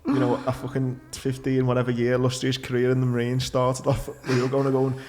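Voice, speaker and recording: A man's voice: mid-range voice, completely flat delivery, quick pace, a little mellow, a little hiss or hum. A man hosting a podcast, chatting casually in a matey way and swearing now and then. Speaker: podcast host. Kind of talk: casual chat.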